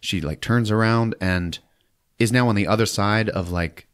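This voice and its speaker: Deep-voiced male podcast host, profane and animated, for a casual movie recap. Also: normal speed, clear, resonant tone. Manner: profane, laughing, animated retelling.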